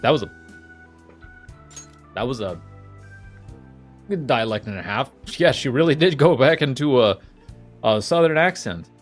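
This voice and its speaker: A man chats casually while playing a video game, amused at himself. His pitch moves around a lot. Faint game music plays behind him. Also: lively intonation, a little slow, pauses often. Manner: chatty, self-amused. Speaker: let's play host. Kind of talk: casual gaming commentary.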